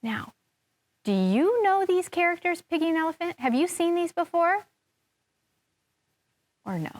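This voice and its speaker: A woman teacher giving a lively lesson to young children on TV, acting things out expressively. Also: very high-pitched, a little slow. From US Pacific Northwest. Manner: animated, expressive, acts out feelings. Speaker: kindergarten TV teacher.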